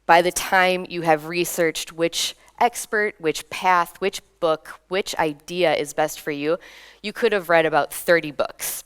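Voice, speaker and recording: A young woman from Minnesota giving a lively conference talk, laughing between points and drawing in the audience. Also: fairly low pitch, a little slow, smooth. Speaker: conference speaker. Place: conference hall.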